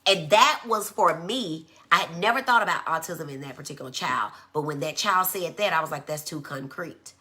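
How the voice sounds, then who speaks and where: Low-voiced woman teaching. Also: fairly quick, few pauses, pushed and bright. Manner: conversational, acts out quoted speech in a high voice. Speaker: physician giving a talk. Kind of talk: live-streamed educational talk. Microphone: phone.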